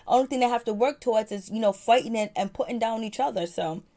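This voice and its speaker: A woman's voice: fairly high pitch, fast, dark tone. A woman talking casually as she reviews a TV episode, full of fillers and repeating phrases for emphasis. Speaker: reviewer of a TV show. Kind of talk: casual commentary.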